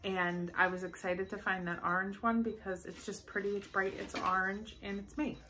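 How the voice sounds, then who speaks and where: A woman's voice: mid-range voice, flat delivery, moderate pace, background noise. A young woman chatting casually through a shopping haul, bubbly and rambling with enthusiasm. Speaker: vlogger showing a shopping haul.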